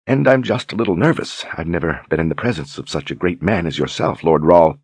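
A man voicing a soft-spoken, demure young noblewoman duchess in an audiobook, courteous and flattering. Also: deep voice, a little fast, slightly rough, dry recording, full character voice. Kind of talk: audiobook character reading.

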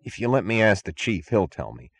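A man's voice: on the low side, sing-song, brisk, vocal fry, slightly rough, voice pushed up, full character voice. A man reading an audiobook, voicing a frightened male guard who stammers and pleads in a whine. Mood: pleading, panicky.

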